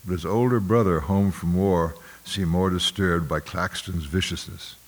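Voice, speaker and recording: A man with a very low voice reads literary fiction aloud at a measured, somber pace. He occasionally clears his throat and restarts a word. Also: fairly even intonation. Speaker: audiobook narrator. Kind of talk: literary narration read aloud.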